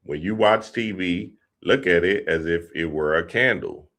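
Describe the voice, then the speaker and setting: Slow, deep-voiced man in relaxed spiritual talk. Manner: laid-back, laughing, slangy asides. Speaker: spiritual teacher and host.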